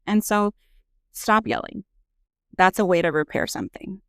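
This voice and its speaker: A woman's voice: medium pitch, moderate pace, fairly bright tone, clear, resonant tone, no echo, studio quality. A woman nurse practitioner and parent talking candidly in a casual podcast conversation, with frequent fillers. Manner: earnest, candid, frequent "you know" fillers.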